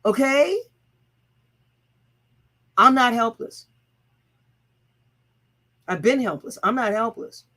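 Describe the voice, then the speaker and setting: A woman runs her own livestream, her voice a little high and sharp, animated yet slow, with frequent pauses. She swears freely and speaks bluntly, repeating slogans in a chant to stir up her viewers during this motivational rant. The audio is poor.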